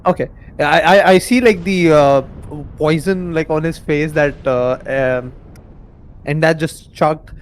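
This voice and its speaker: Hesitant, stumbling tabletop player. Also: male voice, a little high, a little slow, clear, resonant tone, low-quality recording. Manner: hesitant, repeats words. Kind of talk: casual game chat.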